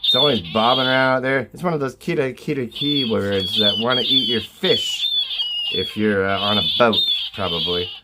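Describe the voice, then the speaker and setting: A man with a mid-range voice at normal speed hosts an irreverent comedic walkthrough of a bird sound book, swearing freely and rambling between mock-serious asides. The recording is noisy, with bird calls from the book playing in the background.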